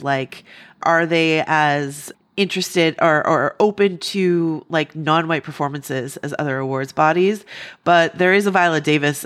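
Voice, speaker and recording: A woman's voice: sits low, a bit bright. A woman co-hosting a casual film-awards chat, musing and hesitant with many fillers. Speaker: podcast co-host.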